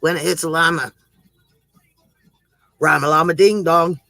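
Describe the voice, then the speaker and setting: Man, high bright voice, dry close sound; rambling joke teller who laughs at his own gags. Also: steady tone, a little slow, creaky, no echo, low-quality recording. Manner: chuckles at his own jokes; rambling, self-interrupting delivery. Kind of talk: casual joke telling on a livestream.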